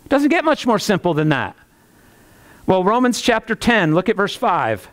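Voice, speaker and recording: A man preaching a sermon as pastor, animated, with folksy asides and chuckles. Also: normal speed. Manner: animated preaching, rising pitch on rhetorical questions.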